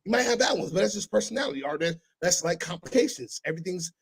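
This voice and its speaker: A man hosting a casual podcast, telling stories with animated delivery and sudden loud impressions. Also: high-pitched, quick pace, breathy edge, poor audio. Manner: animated storytelling, breaks into loud shouted impressions. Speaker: podcast host.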